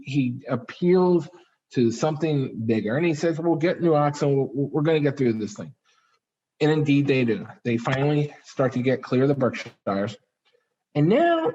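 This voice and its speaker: A man giving an author talk at a library, telling history as a lively story with dramatic swings in his voice. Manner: animated storyteller, dramatic pitch swings, fillers. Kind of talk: storytelling lecture. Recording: dull lo-fi recording.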